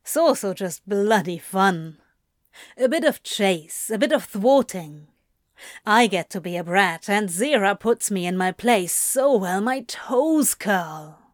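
A lazy, teasing male demon, as a woman reading aloud puts him on, drawling his words. His delivery is slow and unhurried, close to the reader's own voice. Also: mid-range voice, no echo. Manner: drawling, relaxed.

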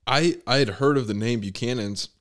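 A young adult man hosts a podcast, chatting and rambling casually with lots of fillers and swearing. His voice is medium-pitched and fairly bright, and he speaks at a normal speed.

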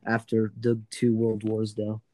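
A man's voice: lowish voice, completely flat delivery, unhurried, dark tone, a little hiss or hum. Rambling young man in casual chat. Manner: rambling, full of fillers and laughs.

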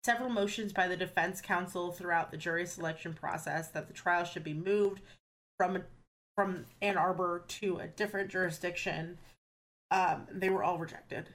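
A woman's voice: lowish voice, fairly even intonation, moderate pace, fairly bright tone, rough recording. A woman co-hosting a true crime podcast, working steadily through dates and court proceedings from her notes. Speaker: podcast co-host. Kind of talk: reading case notes in casual chat.

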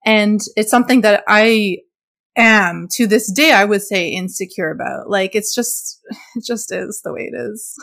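A woman's voice: medium pitch, a little slow, vocal fry, fairly bright tone. Thoughtful woman podcast host from Montreal. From Montreal, Canada. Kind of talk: casual podcast conversation.

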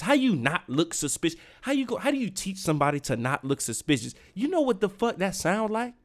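A young man rants on his own podcast. His voice sits slightly high, and he talks in a heated, profane, emphatic way, pressing hard on each point. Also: sing-song, brisk, few pauses. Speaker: podcast host. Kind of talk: solo rant.

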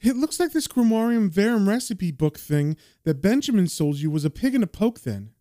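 A man doing a teasing, high-voiced young woman. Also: very animated, normal speed, dark tone, no echo, studio quality. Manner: teasing, sarcastic.

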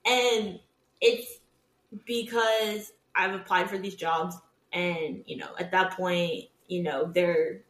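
A woman's voice: lowish voice, slow pace. A woman in her twenties chatting candidly on a podcast, laughing often and acting out what others said. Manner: candid, laughing, animated storytelling with quoted voices. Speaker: podcast co-host. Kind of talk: casual chat. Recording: echoey room.

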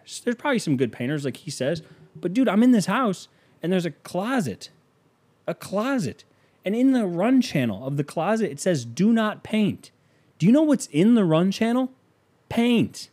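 American guy ranting on his podcast, mellow voice, loud bursts then mumbling, lots of cussing. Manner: exasperated, swearing, rhetorical questions; swings from loud outbursts to low mutters. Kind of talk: casual comedic rant.

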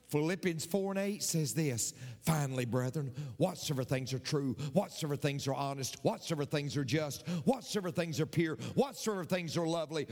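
A male pastor preaching slowly and emphatically, repeating lines and reciting scripture. His voice is high and swings widely in pitch, with a long reverb trailing behind him. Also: lively intonation. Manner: emphatic, repeats key phrases, quotes scripture. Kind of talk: sermon.

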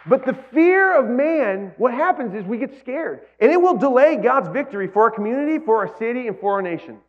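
A man's voice: very high-pitched, lively intonation, fast, phone-quality sound. A male pastor giving a sermon, talking casually with the congregation and rising to emphatic peaks. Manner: conversational preaching, builds to emphatic peaks.

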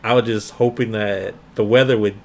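A man in his forties co-hosts a relaxed home podcast in a low-key, dryly playful manner. His voice has a gravelly edge, and a faint hiss runs under the recording. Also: moderate pace. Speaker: podcast co-host. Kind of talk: casual chat.

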